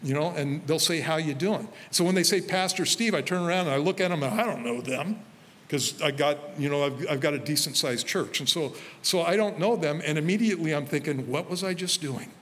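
A man preaching a sermon as pastor, telling personal stories in a relaxed conversational way. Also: a little high, a little fast. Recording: faint hall reverb with light noise.

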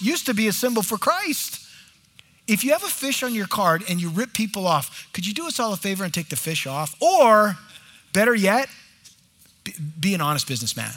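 Brief: middle-aged man, pastor mid-sermon, high and lively, breaks into quick acted-out exchanges. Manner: animated preaching, acting out short dialogues. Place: church.

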